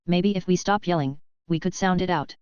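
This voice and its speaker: A woman's voice: on the low side, moderate pace, clear, resonant tone, no echo, lightly acted. Patient, reasoning woman shopper, voiced plainly by a female narrator, dull dry recording. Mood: puzzled. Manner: calm, reasoning. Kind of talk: scripted narration.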